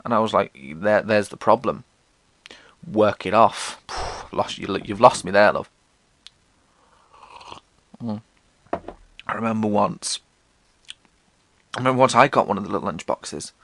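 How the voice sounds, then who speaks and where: A young man telling comic school stories in a casual monologue, swearing and mocking himself, slipping into squeaky voices for the people he quotes. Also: a little slow, gravelly, long pauses, a bit bright. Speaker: podcast host.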